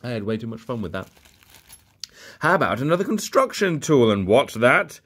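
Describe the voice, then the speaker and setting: Very animated and slightly rough, a young collector's mid-range, somewhat bright voice moves at a normal speed. He rambles and jokes through a bag of old toy cars in a casual unboxing, tossing out muttered asides.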